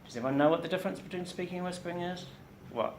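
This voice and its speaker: A woman teaching a class, animated and demonstrative, quizzing her students as she explains. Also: fairly low pitch, racing. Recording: echoey classroom, faint room noise.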